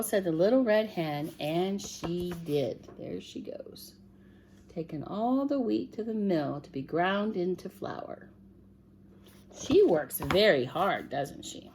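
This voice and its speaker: A woman reads a picture book aloud in a slow, gentle way, her voice rising and falling a great deal. She pauses to ask the young listener questions. A faint hum runs under the recording. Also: fairly low pitch, animated. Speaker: storyteller reading to children.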